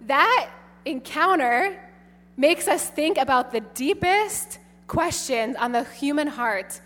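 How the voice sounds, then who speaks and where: A woman's voice: sits high, animated, slow pace, fairly bright tone. A nun with a New York accent giving a faith talk to young people, telling stories with energy and repeating her key phrases. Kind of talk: faith talk to high schoolers. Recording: echoey hall with faint hum.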